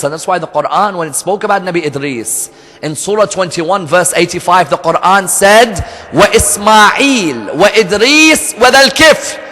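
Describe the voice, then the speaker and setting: In an echoey hall at a religious center, a man with a slightly high, fairly bright voice preaches and tells a story. His delivery is earnest, and he frequently turns to his audience with rhetorical questions.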